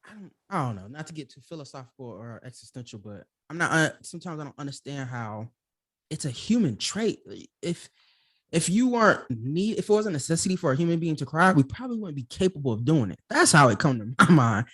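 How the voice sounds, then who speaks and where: A man's voice: fairly high pitch, sing-song, fairly quick, fairly bright tone, husky, dry recording, studio quality. A man hosting a podcast in a casual, conversational way, full of "you know" and "like". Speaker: podcast host.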